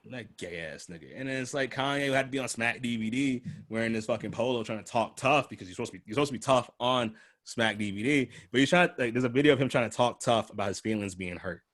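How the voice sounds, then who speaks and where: A man's voice: mid-range voice, fast, few pauses, a bit bright. A man hosting a casual podcast chat, telling loose, profane stories and acting out the people he quotes. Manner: loose, profane storytelling that acts out quoted voices. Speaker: host.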